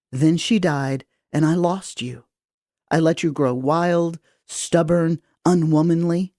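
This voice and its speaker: A woman's voice: low voice, mellow, no room sound, studio quality. A woman reading the part of an aging nobleman father who lectures his daughter in a stern, weary way. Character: gruff worried aging male nobleman father.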